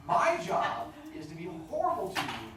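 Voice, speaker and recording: A man's voice: high voice, wildly swooping pitch, normal speed. A middle-aged man teaching a class, teasing his students in a playful, mock-stern way. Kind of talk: classroom instruction. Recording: echoey classroom from far off, noisy.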